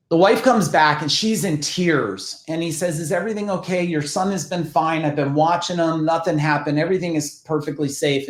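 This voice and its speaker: Emphatic storytelling man, echoey room. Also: a little high. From New Jersey. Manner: emphatic, swears freely, acts out quoted voices. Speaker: podcast guest, business founder. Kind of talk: casual storytelling.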